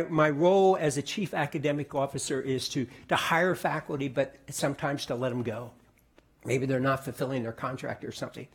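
Middle-aged male pastor, husky and fairly high, easy conversational sermon delivery with restarts. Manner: conversational preaching, repeats words, drops to soft quiet tones.

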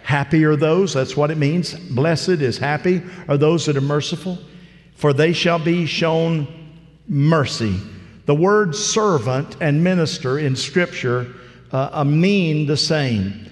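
Male pastor, somewhat higher voice, folksy preaching, lingering hall reverb. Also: slow pace. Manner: conversational preaching, acts out parable voices. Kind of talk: sermon. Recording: long reverb of a large hall.

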